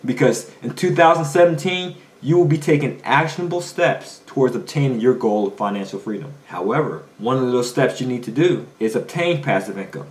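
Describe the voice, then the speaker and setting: A man's voice: medium pitch, lively intonation, brisk, few pauses, echoey room. A man giving a motivational finance talk as a coach, emphatic and preachy, firing off rhetorical questions. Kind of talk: motivational monologue.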